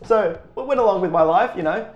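A man's voice: high voice, fast, highs cut off. A man chatting casually as a podcast co-host, joking and acting out the people in his stories. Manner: joking, acts out quoted voices. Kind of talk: casual chat. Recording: roomy echo, faint music.

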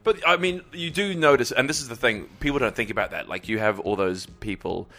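A young adult actor chatting casually and joking on a podcast, talking into a foam-covered mic. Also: male voice, mid-range voice. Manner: joking, animated, quick asides.

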